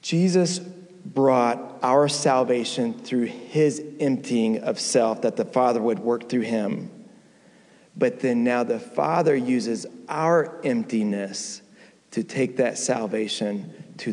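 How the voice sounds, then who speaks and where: A man's voice: mid-range voice, takes it slowly, a little mellow. A man preaching a sermon as a guest speaker, telling a story and building to emphatic peaks. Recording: long church reverb.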